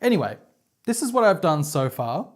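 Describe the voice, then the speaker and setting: This Australian knitting podcaster speaks at normal speed in a deep, darkish, sing-song voice. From her home couch she rambles chattily to camera, often making fun of herself.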